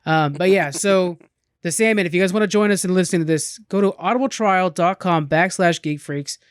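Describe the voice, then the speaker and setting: A man hosting a podcast in casual chat, quick and chatty, often repeating words. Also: high-pitched, clear, resonant tone, no echo, clean studio sound. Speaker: podcast host. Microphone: podcast microphone.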